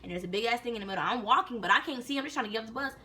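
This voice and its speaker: A young woman telling a personal story in a casual, animated way, full of slang and swearing. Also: a little high, racing, background noise.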